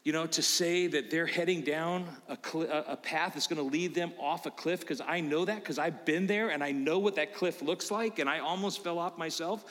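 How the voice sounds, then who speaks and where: A man preaching a sermon as pastor, emphatic, swinging from low asides to loud preaching. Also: moderate pace, hardly any pauses, long reverb tail.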